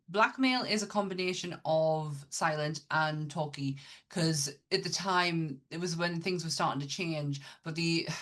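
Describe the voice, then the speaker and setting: Low-voiced enthusiastic woman co-host. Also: a bit bright. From Northern England. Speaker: podcast co-host. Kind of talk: casual chat.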